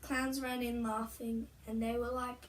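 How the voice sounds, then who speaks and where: A woman's voice: on the high side, flat delivery, moderate pace. A woman animatedly telling the story of a dream in a casual story-time video, acting out voices with gasps and screams. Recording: echoey room from a distant mic.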